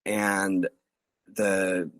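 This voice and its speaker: A man in his thirties telling stories as a podcast guest in a casual, rambling way, full of fillers and lively impressions of other people. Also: low voice, drawn-out words, no echo. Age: 30s. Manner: rambling, filler-heavy, animated quoting of others. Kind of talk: casual storytelling interview. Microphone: podcast studio mic.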